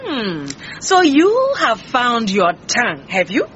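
An actress playing an indignant, defensive head cook in a radio drama. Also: female voice, a little high, wildly swooping pitch, slow, a bit bright, lo-fi sound, a little hiss or hum, heavily acted. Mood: brusque. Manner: brusque, indignant.

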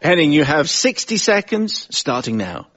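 A man hosting a comedy panel show, briskly announcing scores and turns. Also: fairly high pitch, sing-song, highs cut off. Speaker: quiz show host. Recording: radio recording with loud audience.

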